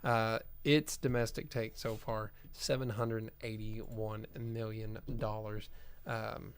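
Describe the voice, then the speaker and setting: A man's voice: fairly low pitch, level tone, slow pace, clear, resonant tone. A man co-hosting a movie podcast, reading box office figures in a matter-of-fact, casual way. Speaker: podcast co-host.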